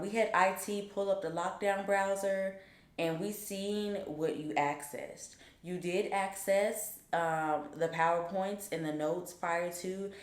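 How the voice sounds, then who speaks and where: A young woman quoting a stern female dean in a calm, firm, formal way, a little quieter than her own voice. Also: on the high side, roomy sound, close to an everyday voice.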